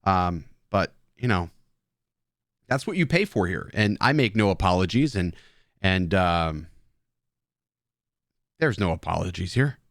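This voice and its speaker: A man's voice: deep voice, lively intonation, a little slow, pauses often, no room sound. Joking, swearing man, dry close sound. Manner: rambling, joking, profane banter with chat; drinking beer while talking. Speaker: live stream host. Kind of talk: casual live stream chat.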